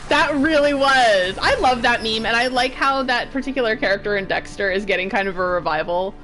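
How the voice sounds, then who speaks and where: A woman's voice: fairly high pitch, brisk, a bit bright, soft background music. A woman in her thirties chatting casually while streaming a game, giggly and playfully swearing. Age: 30s. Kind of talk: casual gameplay commentary.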